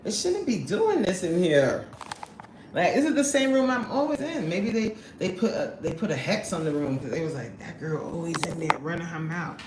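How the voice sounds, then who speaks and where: Chatty woman streamer, very animated pitch, roomy room sound with a faint hiss. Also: moderate pace. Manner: lively, chatty, greets viewers excitedly, laughs often. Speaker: live-stream host chatting with viewers. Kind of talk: casual live-stream chat. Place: indoor room at her workplace. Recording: roomy echo, faint background noise.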